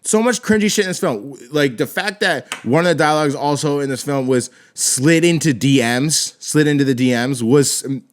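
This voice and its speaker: A man's voice: a little high, normal speed, hardly any pauses. A man hosting a solo film-review podcast, ranting with constant swearing, exasperated and rambling with frequent restarts.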